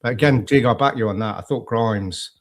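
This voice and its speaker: A man's voice: medium pitch, a little fast. A man with an English accent co-hosting a casual football podcast, telling stories and acting out quotes. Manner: chatty, animated storytelling with quoted asides. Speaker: podcast co-host.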